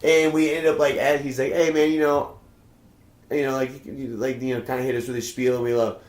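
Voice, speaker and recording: A man's voice: medium pitch, flat delivery, brisk. A man chatting casually as a podcast guest, telling a rambling story full of swearing and acted-out quotes. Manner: rambling, swears a lot, acts out quoted lines. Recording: roomy echo.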